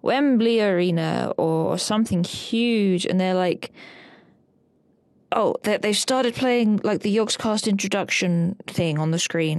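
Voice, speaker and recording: A woman chats through a long, meandering story, with frequent fillers and bursts of laughter. Her voice sits at an ordinary middle pitch. The recording is close and dry, with no room sound. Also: a little slow, dry recording. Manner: rambling and animated, with many fillers and laughs. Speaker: podcast co-host recounting a dream. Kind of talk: casual chat.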